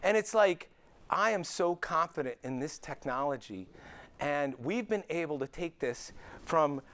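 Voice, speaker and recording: A man's voice: on the high side, a little slow. A middle-aged man, a chiropractor giving an anecdote-filled talk to peers at an event, acting out dialogue as he goes. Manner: animated storyteller acting out dialogue.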